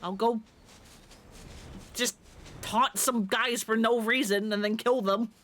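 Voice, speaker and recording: A woman's voice: fairly high pitch, steady tone, slow, a bit bright, slight background noise. A woman chatting casually and swearing freely while streaming a video game. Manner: profane, chatty, laughs often. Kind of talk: casual gameplay chat.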